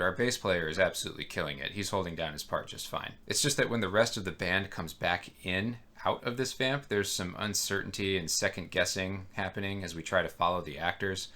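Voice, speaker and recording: Male music teacher, low and bright-edged, methodical explainer. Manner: explains step by step, counts rhythms aloud. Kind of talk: online music lesson.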